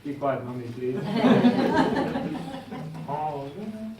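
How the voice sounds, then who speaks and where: A man's voice: mid-range voice, lively intonation, extremely slow. A man performing a live comedy magic act at a party, joking with the crowd in a put-on French waiter voice. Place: golf club function room. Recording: echoey function room from far off, loud party noise.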